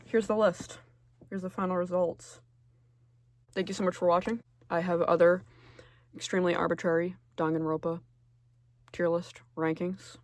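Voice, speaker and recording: A man giving casual, sarcastic tier-list commentary, full of swearing, who jumps between loud outbursts and low muttering. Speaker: video creator.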